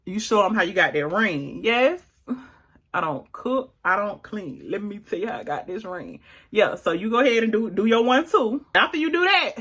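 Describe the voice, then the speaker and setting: Bright, sassy woman vlogger. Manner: sassy, playful, swings into high exclamations. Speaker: beauty vlogger answering viewer questions. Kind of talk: casual chat.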